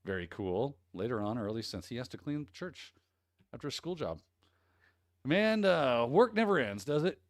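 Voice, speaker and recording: A man's voice: mid-range voice, very animated, moderate pace, dry recording, clean studio sound. A man from the Midwest of the US hosting a casual livestream. He talks in an upbeat, rambling way and greets viewers by name. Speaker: host.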